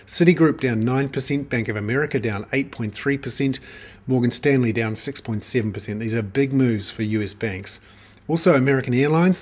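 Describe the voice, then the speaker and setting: A man presenting a scripted financial news briefing, reading figures in a brisk, crisp delivery. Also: mid-range voice. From New Zealand.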